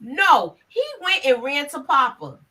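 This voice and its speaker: A woman with a New York accent, a panelist in a casual recap chat, emphatic and animated. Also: high-pitched, unhurried. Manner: animated, emphatic, repeats herself.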